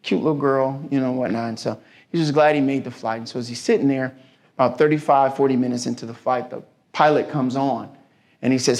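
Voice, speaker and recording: A man's voice: medium pitch, steady tone, fairly quick, a little mellow. A man giving a folksy, preacherly motivational talk with stories at a business mixer. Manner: folksy, preacherly, acts out story voices.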